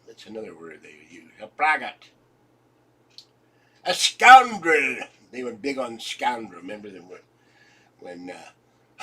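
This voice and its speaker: A man's voice: on the low side, a bit bright, husky, distant mic, poor audio. A congested man chatting casually for his home video, joking and chuckling as he rambles from topic to topic. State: congested, coughing. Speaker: vlogger.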